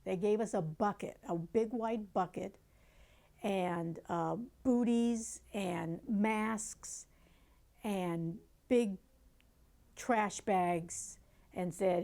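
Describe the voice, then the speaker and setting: A woman who survived a wildfire, slowly and wryly describing going back to her property. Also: mid-range voice, gravelly, dark tone. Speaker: fire survivor interviewee. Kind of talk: personal storytelling.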